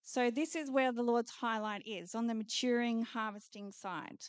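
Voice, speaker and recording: A woman's voice: fairly high pitch, normal speed, clean tone, dry recording. A woman preaching prophetically at a church conference, declaring promises over the listeners in earnest, repeated phrases. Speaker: conference speaker.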